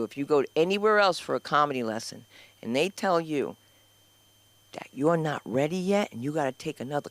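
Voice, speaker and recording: A woman's voice: low-pitched, a bit bright. A woman from New Jersey with a New Jersey accent, the school's owner, hosting a stand-up show in a brash, profane, rambling way. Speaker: comedy school owner and host. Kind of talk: stand-up comedy. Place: comedy club stage.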